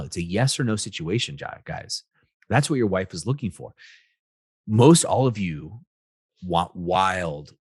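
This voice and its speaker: Brief: husky-voiced male coach, lively swooping delivery, punchy motivational monologue. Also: fairly low pitch, no room sound, clean studio sound. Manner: animated, emphatic, repeats "right?" and "guys". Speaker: podcast host, relationship coach.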